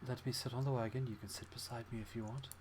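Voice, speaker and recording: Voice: medium pitch, steady tone, a little fast, background noise, lightly acted. A game master voicing a wary, tied-up woman wanderer, in a dry, sarcastic, slightly indignant manner, in a tabletop role-play.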